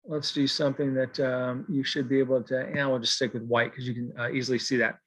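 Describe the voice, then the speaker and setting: A man teaching a recorded poetry lesson in a casual, rambling way, checking in with "okay?" and filling pauses with "um" and "uh". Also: mid-range voice, flat delivery, a bit bright, breathy edge. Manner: casual and digressive, with many fillers and "okay?" check-ins. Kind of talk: recorded lecture with slides.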